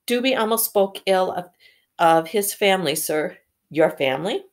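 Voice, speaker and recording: A woman reading aloud slowly, voicing a timid, anxious male house elf who keeps calling the listener sir. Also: fairly low pitch, expressive, close to an everyday voice. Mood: pleading. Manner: earnest, pleading, keeps saying sir.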